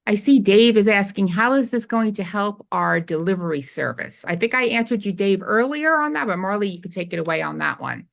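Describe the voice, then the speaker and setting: A woman's voice: mid-range voice, animated, a little fast, creaky, few pauses. A woman co-hosting a live webinar, reading audience questions aloud and passing them on. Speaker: webinar co-host reading comments.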